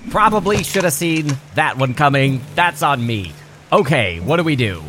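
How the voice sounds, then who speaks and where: A man playing a tabletop game, talking in an excitable, animated way. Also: on the high side, normal speed, a little hiss or hum. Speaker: player.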